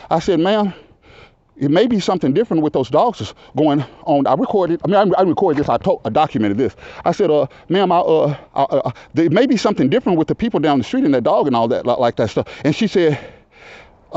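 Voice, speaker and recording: Loud rambly guy in his fifties, pretty high voice, dull lo-fi audio. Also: dry recording. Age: 50s. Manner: rambling, repeats "you know what I'm saying", talks loud. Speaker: local resident telling his story. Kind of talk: casual conversation. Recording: dull lo-fi recording.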